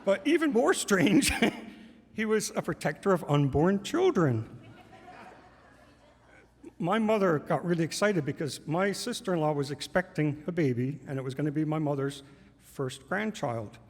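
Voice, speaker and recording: A man's voice: on the high side, lively intonation, moderate pace. A man telling a personal story on stage to a live audience, conversational and amused. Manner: conversational, amused, laughs through lines. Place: stage in a large hall. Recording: long hall reverb.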